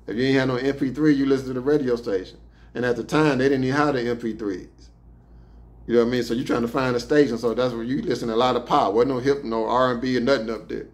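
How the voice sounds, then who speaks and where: A man's voice: medium pitch, fairly even intonation, fast talker. A man casually telling stories about prison transport and life inside, in loose streetwise slang with plenty of swearing. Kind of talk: casual storytelling.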